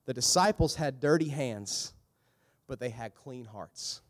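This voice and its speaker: A man preaching a sermon in an animated, casual way, breaking into jokes and quick impressions of the people in the passages he reads. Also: mid-range voice. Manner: animated, joking asides with quick voiced impressions. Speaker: pastor. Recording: echoey hall with long reverb.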